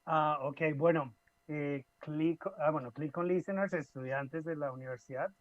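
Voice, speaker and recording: Higher-voiced man, dry lo-fi sound. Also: steady tone, moderate pace, no echo. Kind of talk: casual radio chat.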